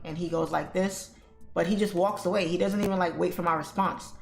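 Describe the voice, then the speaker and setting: In an echoey room with faint music, a woman hosts a trading livestream and tells her audience a story. Her voice sits on the low side, gravelly and fairly even, a little fast, and she chats casually, calling viewers "y'all" and "guys."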